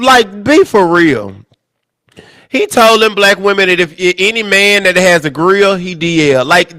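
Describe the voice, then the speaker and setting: A young man hosting a livestream, chatting casually with viewers in a blunt, profane, exasperated way. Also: high voice. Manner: blunt and profane, loud and exasperated, swearing at tech trouble. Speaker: livestream host.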